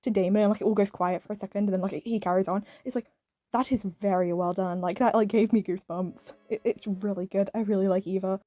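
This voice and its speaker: Speaking quickly in a mid-range, steady, mellow voice, a British woman offers a rambling, casual video review peppered with "like" and "um" and punctuated by small laughs. The audio is studio quality with no echo and faint music behind her.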